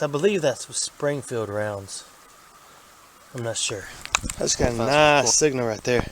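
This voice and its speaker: A man giving folksy, excitable commentary to a handheld camera as he metal detects in a creek, a bit out of breath. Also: mid-range voice, a little slow, low-quality recording. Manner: excitable, folksy, talks to camera while working. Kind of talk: casual running commentary while detecting. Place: outdoors in a creek. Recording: outdoor camera audio with clear background noise.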